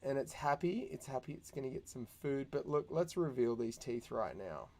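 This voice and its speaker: A young man teaching animation in a casual, chatty way, thinking out loud and making little sound effects as he works. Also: medium pitch, lively intonation, normal speed. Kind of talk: casual screen-recorded tutorial.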